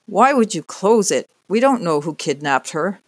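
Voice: mid-range voice, sing-song, normal speed, no room sound. A narrator voicing a fierce, protective young woman who talks urgently and insistently. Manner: urgent, forceful.

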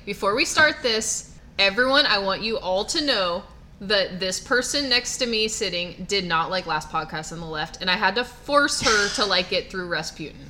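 A woman's voice: medium pitch, expressive, moderate pace, pushed and bright. A woman co-hosting a podcast, telling a story in a wry, matter-of-fact way. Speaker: podcast co-host. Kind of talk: casual chat.

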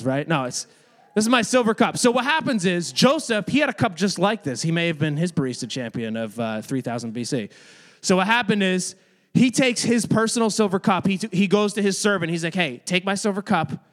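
A man speaking as a youth pastor, giving a casual, joking sermon to kids and often saying "like". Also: fairly high pitch. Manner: chatty, joking, many filler "like"s; addresses and manages kids in the room. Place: youth group room with children.

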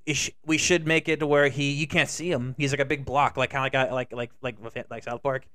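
A man's voice: mid-range voice, fairly even intonation, fast, bright, forceful tone, clean tone, dry recording. A man co-hosting a podcast in casual, profane, rambling chat, laughing often. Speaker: podcast co-host.

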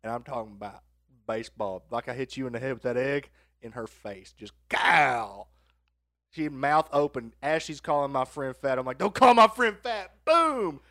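Speaking a little fast at mid pitch, this Arkansas man co-hosts a podcast and laughs as he shares a crude story in relaxed conversation. The audio is clean studio sound without any room echo.

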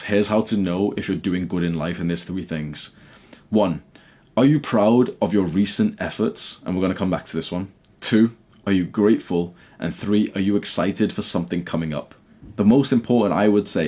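A young YouTuber talks casually to camera from his bedroom in a low-pitched voice with a darkish tone and breathy edge. Blunt and heated, he rants and swears often.

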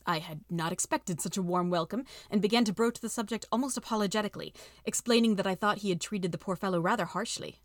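A woman reads a story aloud in a steady, expressive narration. Her voice sits at a middle pitch, and the recording is dry and close, with no room sound. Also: fast, dry recording. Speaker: audiobook reader. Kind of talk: reading an AI-written story aloud.

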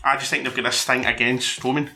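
A man's voice: mid-range voice, flat delivery, fast talker, pushed and bright, soft background music. A man on a casual group podcast, giving blunt, jokey opinions. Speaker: podcast co-host.

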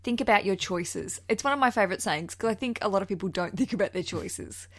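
A woman's voice: mid-range voice, fast talker. A woman in her thirties hosting a wedding podcast from home, chatting playfully and laughing often. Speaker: podcast host. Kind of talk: casual chat.

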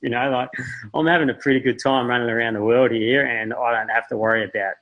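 A middle-aged man, a marathon runner and podcast guest, telling travel stories animatedly and acting out quotes in high voices. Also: fairly even intonation, fast talker, muffled recording. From Australia. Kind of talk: casual storytelling.

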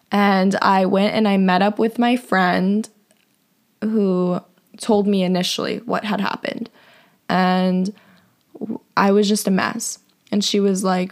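A young woman hosting a podcast, telling a personal story in a casual, confessional way, filling her talk with "like" and acting out what others said. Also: mid-range voice. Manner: chatty, heavy use of "like", acts out quoted voices. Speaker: podcast host.

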